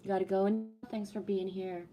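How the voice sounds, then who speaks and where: A middle-aged woman from Canada chatting casually on a livestream, telling stories in an animated way with a lot of swearing. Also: mid-range voice, moderate pace, a little hiss or hum. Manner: animated storytelling with heavy swearing. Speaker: livestream host.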